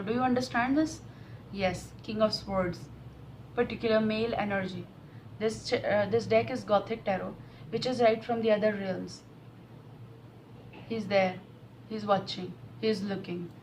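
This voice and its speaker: A woman's voice: medium pitch, a bit bright, a little hiss or hum, low-quality recording. A woman giving an emotional, repetitive tarot reading to camera. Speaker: tarot reader.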